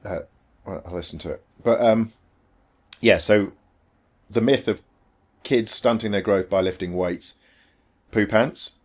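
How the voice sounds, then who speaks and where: A man with a very deep voice co-hosts a casual podcast. He talks in an offhand, jokey way. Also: measured pace. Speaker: podcast co-host. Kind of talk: casual chat.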